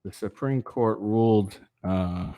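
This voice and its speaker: A man's voice: fairly low pitch, slow pace, dark tone, no room sound, clean studio sound. A tired man reading a news article aloud and breaking off into rambling, profane rants full of fillers and restarts. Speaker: political commentary channel host.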